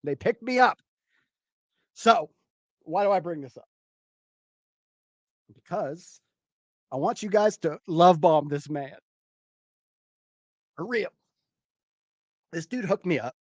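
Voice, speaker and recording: A man hosting a show, telling a rambling, animated personal story with swearing. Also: sits high, takes it slowly, pauses often, dry recording. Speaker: show host, former comedian. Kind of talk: casual storytelling.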